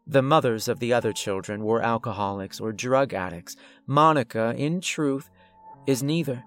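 A man voicing a calm, clinically detached asylum doctor who speaks in a polite, measured way. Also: mid-range voice, soft background music, close to an everyday voice.

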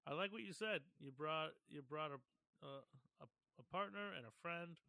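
A man's voice: a little high, normal speed, gravelly, sharp tone, a little hiss or hum. A man co-hosting a podcast, talking casually in a rambling, self-doubting way with frequent laughter. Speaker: podcast co-host. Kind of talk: casual stoned banter.

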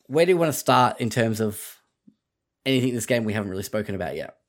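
A man's voice: fairly low pitch, animated, fast. A man hosting a casual gaming podcast, rambling through fillers and laughing often. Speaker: podcast host.

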